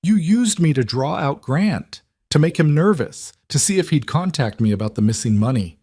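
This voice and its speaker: A man voicing a young woman who presses hard with sharp, demanding questions in a storybook reading. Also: lowish voice, animated, fast talker, husky, no echo, clean studio sound. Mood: furious. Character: frightened, angry young woman confronting a liar.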